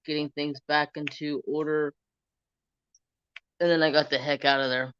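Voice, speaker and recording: A laid-back man chats on a live stream, telling loose stories and swearing freely. His voice is bright and forward, and it sits very close and dry. The phone capture sounds dull and lo-fi. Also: fairly high pitch, little pitch movement, moderate pace, clean tone, no echo. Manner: laid-back storytelling, swears and laughs often. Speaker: livestream crafting host. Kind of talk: casual live-stream chat.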